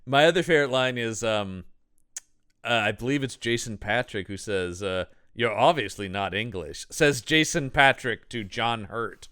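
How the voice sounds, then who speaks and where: A man's voice: mid-range voice, lively intonation, moderate pace, pushed and bright, clear, resonant tone, no room sound, studio quality. A man co-hosting a podcast, chatting casually and with enthusiasm about a film. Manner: enthusiastic, jumps in with quoted lines. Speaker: podcast co-host. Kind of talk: casual movie review chat.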